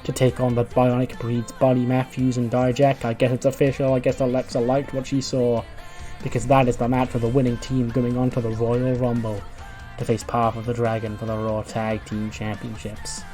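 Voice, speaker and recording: A man's voice: mid-range voice, monotone, moderate pace, mellow, soft background music. A man casually narrating a wrestling management game, recapping results in a chatty way.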